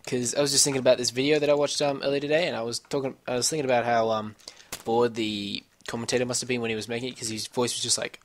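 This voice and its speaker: A man's voice: medium pitch, flat delivery, fast. A man giving casual, rambling commentary over a video game at home, swearing often and talking to himself as he plays. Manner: rambling, swears a lot, talks to himself while playing. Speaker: gameplay commentator. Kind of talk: casual let's-play commentary. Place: home room with a computer.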